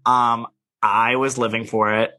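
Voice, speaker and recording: A man chatting casually on a podcast, gossipy and animated, laughing often. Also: medium pitch, measured pace. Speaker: podcast co-host. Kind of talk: casual chat about reality TV.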